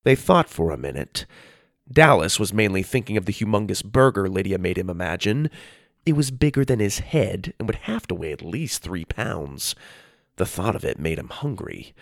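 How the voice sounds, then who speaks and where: A man narrates a storybook in a low, gravelly voice. His reading swings up and down with lively expression. The sound is dry and close to the mic. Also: moderate pace, no echo.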